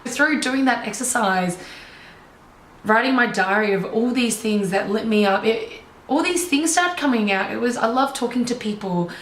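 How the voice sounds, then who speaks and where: A young woman, a life coach, telling her own story in an animated, enthusiastic way. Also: on the high side, moderate pace, slight background noise. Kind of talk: personal storytelling. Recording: roomy echo, faint ambience.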